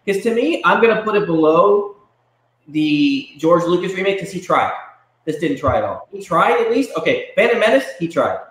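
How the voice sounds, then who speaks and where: A man's voice: high voice, sing-song, moderate pace, a bit bright. A man co-hosting a casual chat, prodding the others with eager questions. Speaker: co-host. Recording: very echoey room.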